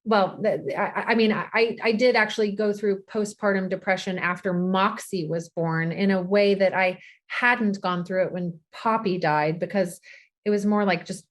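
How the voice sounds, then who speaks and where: A woman's voice: mid-range voice, steady tone, normal speed. A woman in her thirties, a podcast guest, telling a personal story tenderly. She often stops and restarts her sentences and repeats words. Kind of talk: emotional podcast conversation.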